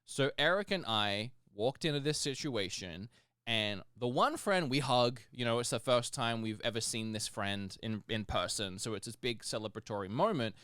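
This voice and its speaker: Lively laughing podcast guy. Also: mid-range voice, normal speed, clear, resonant tone, dry recording, studio quality. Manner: animated storyteller, laughs often. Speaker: podcast co-host. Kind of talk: casual chat.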